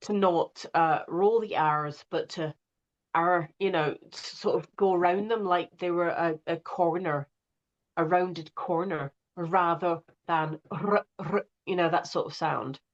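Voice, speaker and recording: A woman's voice: on the low side, unhurried, dull audio. A woman, an audiobook narrator, chatting in an interview and talking with many fillers and restarts. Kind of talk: casual interview chat.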